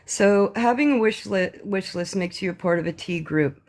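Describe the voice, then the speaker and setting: A woman on a live stream, ranting to her viewers in a heated, profane, sarcastic way, often slowing down to stress her words. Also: medium pitch, a little mellow. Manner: slow emphatic pauses.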